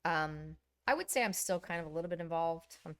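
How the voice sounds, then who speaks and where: A woman co-hosting a casual chat, telling lively stories about coaching and acting out her own yelling. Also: low-pitched, fairly quick, clear, resonant tone. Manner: animated storyteller, acts out her own yelling. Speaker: podcast co-host.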